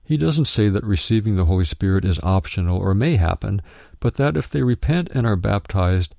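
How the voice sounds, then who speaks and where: A man narrating a written Bible teaching, reading it out in a measured way and calling out verse references. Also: fairly low pitch, expressive, creaky, darkish tone, no echo, studio quality.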